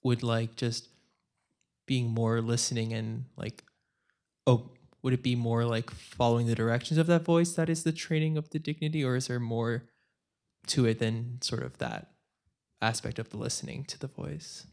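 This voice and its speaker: A man's voice: medium pitch, moderate pace, gravelly, darkish tone. A man in the audience asking a long, hesitant question from the floor. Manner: hesitant, many fillers and restarts.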